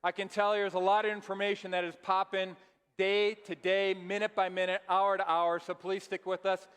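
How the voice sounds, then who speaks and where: A man's voice: high-pitched, little pitch movement, a little fast, fairly bright tone, clear, resonant tone, big-room sound. A man wrapping up his presentation at a live event, earnestly urging the audience to share what they learned. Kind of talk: closing remarks at a live event.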